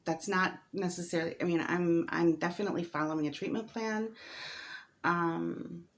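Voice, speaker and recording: Woman vlogger, low voice with vocal fry, hesitant candid storytelling. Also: a little hiss or hum. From United States. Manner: hesitant and candid, many fillers, laughs while talking. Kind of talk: personal story vlog.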